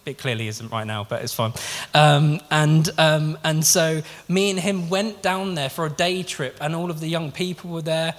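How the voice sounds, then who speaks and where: A man with a slightly high voice preaches a sermon at a moderate pace, earnest and conversational, frequently starting his sentences over. The recording carries the long reverb of a large hall.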